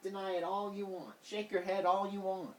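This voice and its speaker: A man's voice: high-pitched, level tone, moderate pace. A man vlogging a heated, rambling political rant, repeating himself as he talks. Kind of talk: casual political rant to camera. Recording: voice distant from the mic.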